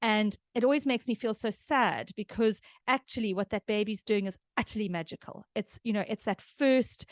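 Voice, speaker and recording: A woman's voice: mid-range voice, moderate pace, few pauses, no echo, studio quality. A middle-aged woman with a South African accent, hosting a podcast and giving chatty, explanatory parenting advice. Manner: chatty, explanatory, laughs easily. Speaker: podcast host, parenting expert. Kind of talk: casual advice chat.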